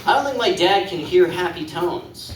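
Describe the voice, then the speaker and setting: A man's voice: high-pitched, expressive, moderate pace, slight background noise. Stand-up guy in a club, rambly and unsure, voice swings up and down, echoey and a bit distant. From Canada. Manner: rambling, hesitant, self-deprecating. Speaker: stand-up comedian. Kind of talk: stand-up set. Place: comedy club stage. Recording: echoey room, mic from afar.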